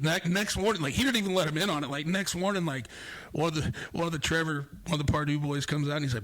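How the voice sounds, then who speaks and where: A man's voice: fairly high pitch, fairly even intonation, fast, fairly bright tone. A man hosting a podcast in casual chat, laid-back, laughing often and swearing. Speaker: podcast host.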